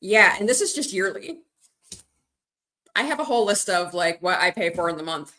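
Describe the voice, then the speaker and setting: A woman's voice: fairly low pitch, lively intonation, moderate pace, pushed and bright. A woman livestreaming to her viewers, chatting casually and rambling between stories and replies to comments. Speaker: livestreaming vlogger. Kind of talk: casual live-stream chat.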